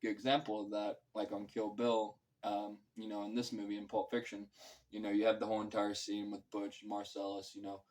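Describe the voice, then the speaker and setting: A man's voice: lowish voice, monotone, a little fast, a little mellow, rough recording. A man giving a casual, rambling film review, full of fillers and loose, profane talk. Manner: filler-heavy, loose and profane, acts out quotes. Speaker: movie reviewer.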